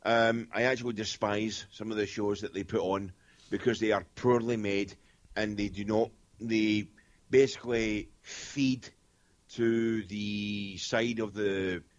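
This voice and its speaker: A man's voice: fairly low pitch, level tone, measured pace, muffled recording. A Scottish man speaking as a guest medium in a casual interview, blunt and straightforward, rambling with lots of fillers. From Scotland.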